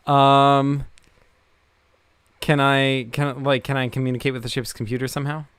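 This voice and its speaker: A man's voice: medium pitch, level tone, normal speed, a bit bright, smooth, no room sound. A man playing a tabletop game, asking stammering, hesitant questions. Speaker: player. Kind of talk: casual tabletop game play.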